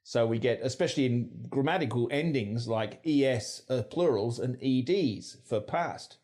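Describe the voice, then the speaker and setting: A man from the United States narrates an educational video with a mellow, dark voice. He explains in a measured way and demonstrates how words are pronounced. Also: medium pitch. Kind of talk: scripted narration.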